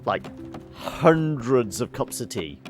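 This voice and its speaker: Lively man musing through a game. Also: medium pitch, slow, faint music behind. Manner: musing aloud, thinking through game puzzles. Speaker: let's-play host. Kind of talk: casual gameplay commentary.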